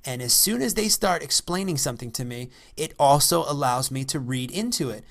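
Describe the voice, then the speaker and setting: A man giving an unscripted coaching talk into a microphone, energetic and repetitive, often checking in with "all right?". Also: mid-range voice, brisk, vocal fry. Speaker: real estate investing coach. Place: by the ocean.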